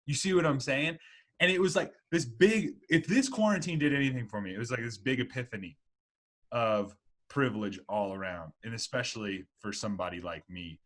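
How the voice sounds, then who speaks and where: A man's voice: medium pitch, fairly quick, a bit bright. A man in his twenties co-hosting a podcast, talking earnestly and reflectively in casual conversation with lots of filler words. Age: 20s. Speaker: podcast co-host.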